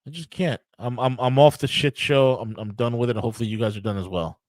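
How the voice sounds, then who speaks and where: Talking fast in a medium-pitched voice, an American man hosting his own podcast rants furiously and profanely about politics. He restarts frequently and repeats words for emphasis, and the low-quality recording has no room sound.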